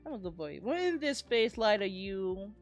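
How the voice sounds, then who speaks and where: A man's voice: sits high, big pitch swings, normal speed, soft background music. A man streaming as a VTuber, chatting casually with a sarcastic, self-mocking humor and frequent laughs. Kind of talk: casual live-stream chat while drawing.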